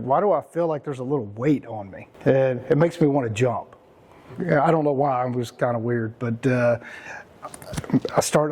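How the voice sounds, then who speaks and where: A man's voice: a little high, darkish tone. A man, hosting and talking casually to a small group, rambling and self-mocking with some cursing and sarcastic mock voices. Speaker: host.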